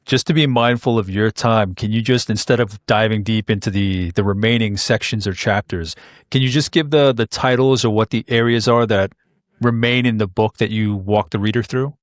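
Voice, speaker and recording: Low-voiced male podcast host. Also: steady tone, normal speed, no room sound, clean studio sound. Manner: brief affirming responses, polite. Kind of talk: interview hosting.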